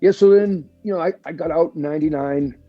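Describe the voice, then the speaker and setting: A military veteran from the Boston area, guesting on a casual interview, tells stories in a fairly high voice and talks fast. He's chatty and animated, swears freely, and leans on "like" and a "right?" after each point. The audio is dull with no echo, and soft music plays behind him.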